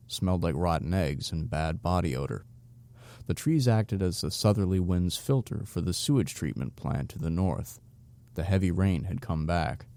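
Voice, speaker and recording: Deep gravelly male narrator. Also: dark tone. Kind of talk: audiobook narration.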